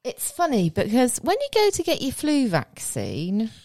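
A woman's voice: on the high side, huge pitch swings, unhurried, a little mellow, no room sound. A woman from Oxford co-hosting a podcast, chatting casually with long, meandering explanations. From Oxford, England. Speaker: podcast co-host. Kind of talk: casual chat.

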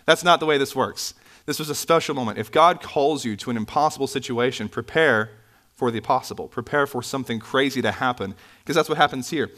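A man preaching a sermon in a church, conversational with asides and self-corrections, his pitch jumping up when he stresses a point. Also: brisk. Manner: animated, pitch swinging up for emphasis. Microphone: microphone, sometimes bumped.

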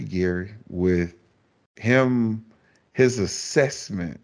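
Man, very deep voice, casual sports host, rambling, leading questions. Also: unhurried, darkish tone. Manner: rambling, repeats himself, asks leading questions. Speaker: podcast host.

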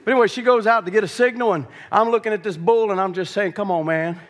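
A male preacher, telling a folksy story in his sermon that builds into shouted preaching. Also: high voice, fast. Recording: long reverb of a large hall.

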